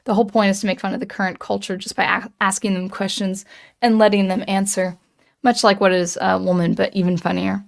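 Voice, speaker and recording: A woman's voice: medium pitch, little pitch movement, fairly quick, gravelly. A woman hosting a livestream, reading chat comments and musing aloud in casual chat, hesitant with many ums and restarts.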